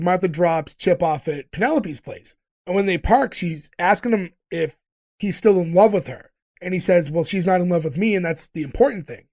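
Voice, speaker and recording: A man co-hosting a casual podcast, recapping scenes in detail and laughing often. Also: high-pitched. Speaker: podcast host recapping episodes.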